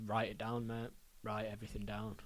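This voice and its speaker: A man's voice: fairly low pitch, monotone, fairly quick. A man co-hosting a podcast, chatting casually about films, laid-back and slangy, swearing freely. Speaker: podcast co-host. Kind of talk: casual film chat.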